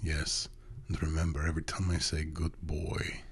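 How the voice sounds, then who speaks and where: A man voicing a short, dominant man who gives commands in a low, growling, purring way. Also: flat delivery, normal speed, breathy edge, exaggerated voice. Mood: commanding.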